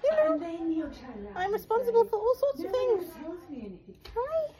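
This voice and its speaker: A woman voicing a squeaky little rat puppet. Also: animated, measured pace, over a noisy crowd. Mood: squeaky playful.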